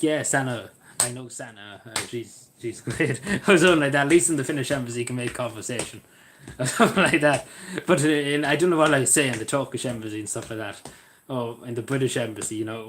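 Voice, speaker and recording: A man chatting casually on a live stream, rambling and joking, his voice often trailing off quietly at the ends of sentences. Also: medium pitch, fairly quick, few pauses, a little hiss or hum.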